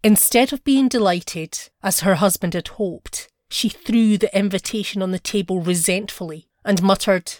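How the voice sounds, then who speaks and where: A woman narrates a short story in a measured, expressive storytelling voice. Her pitch sits in the middle range, and the sound is dry and close, with no echo around it.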